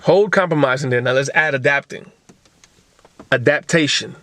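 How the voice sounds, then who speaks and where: A man's voice: medium pitch, moderate pace, a bit bright. A man hosting a motivational talk show, lecturing in blunt, profane casual speech full of rhetorical questions.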